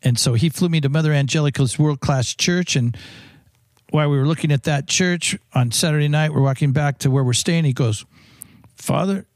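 A man's voice: mid-range voice, a little mellow, no echo. A man who is a priest, telling long anecdotes in an interview, with frequent restarts and fillers. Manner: rambling anecdotes with many restarts. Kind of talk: storytelling interview answers.

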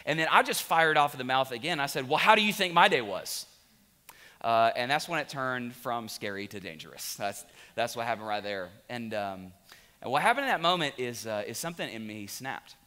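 Bright-voiced pastor preaching in a big hall. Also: male voice, medium pitch, fairly quick, smooth. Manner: animated, joking storytelling then quiet confession. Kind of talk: sermon. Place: large church auditorium. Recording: long reverb of a big hall.

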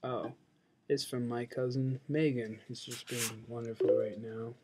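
A man's voice: mid-range voice, flat delivery, measured pace, noisy background. A young man chatting casually to his webcam at home at his computer, rambling and mumbling with lots of fillers. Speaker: video blogger.

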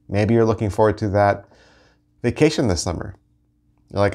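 Pastor guy doing a casual bible study video, lowish voice, chatty and animated. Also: normal speed, creaky. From Texas. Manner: lively, conversational, with playful asides. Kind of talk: online Bible study teaching.

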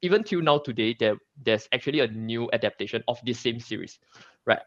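A man's voice: medium pitch, lively intonation, fairly quick, fairly bright tone, no echo, lo-fi sound. A man from Singapore talking casually as a guest comic creator, chatty, with many fillers and restarts. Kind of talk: casual interview chat.

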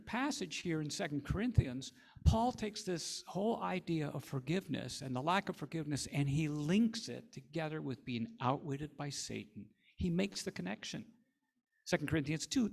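Guy preaching a sermon, kinda gravelly, slightly high voice, earnest. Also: expressive, moderate pace. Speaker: pastor.

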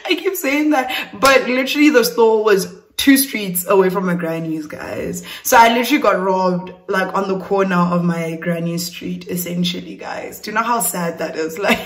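A young South African woman with a South African accent chatting through a casual storytime vlog, animated and laughing, swearing freely and talking straight to her viewers. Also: on the low side, normal speed, few pauses. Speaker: beauty vlogger.

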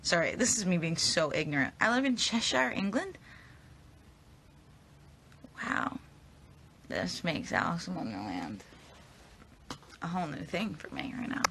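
A woman's voice: deep voice, very animated, moderate pace, vocal fry, long pauses, a bit bright, a little hiss or hum. A young woman chatting casually on a phone livestream, tired but upbeat, answering viewer comments. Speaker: actress on a livestream.

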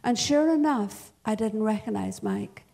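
A woman's voice: mid-range voice, measured pace, creaky, dark tone. An older woman telling a family story at a church service, chatty and often laughing. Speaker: church speaker. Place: church hall.

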